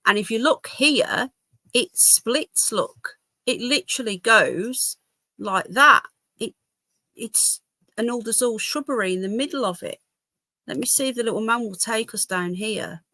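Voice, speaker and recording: A woman's voice: a little high, measured pace, bright, forceful tone, no echo. A woman hosting a casual live stream from home, chatting to viewers and her dogs. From England. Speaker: livestream host. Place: home, indoors.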